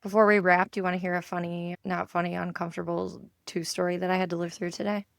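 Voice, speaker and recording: Woman, 30s, lively storyteller, gravelly, low voice, casual chat. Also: fast, no echo, clean studio sound. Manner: animated storytelling, acting out her kids' voices. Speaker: podcast co-host.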